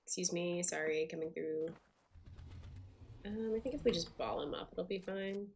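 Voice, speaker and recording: A woman's voice: fairly low pitch, moderate pace, vocal fry, a little mellow. A woman streaming a game, chatting casually and thinking aloud with lots of fillers. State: hiccups. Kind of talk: casual gameplay commentary.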